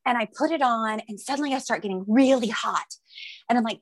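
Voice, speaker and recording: Young woman, lively jokey storyteller, slightly high, dry close mic. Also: brisk, dry recording. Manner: lively, jokey, acts out quoted voices. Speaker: guest telling her birth story. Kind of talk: casual storytelling chat.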